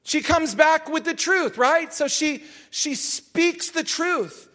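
High, bright-voiced male preacher. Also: slow. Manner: emphatic, repeats phrases, sometimes shouts. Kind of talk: sermon.

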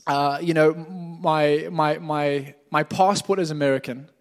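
British-accent guy preaching, kinda high voice, chatty and jokey, big church hall echo. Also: steady tone, a little slow. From Zimbabwe. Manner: conversational, chatty storytelling with humor. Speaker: guest pastor. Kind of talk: sermon. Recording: long church-hall reverb.

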